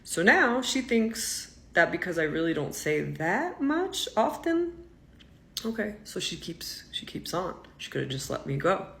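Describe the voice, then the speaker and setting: A man with a gravelly, somewhat high voice tells a personal story as a casual rant. He is animated and indignant, jumping from loud bursts to quiet, muttered asides. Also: unhurried. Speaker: vlogger.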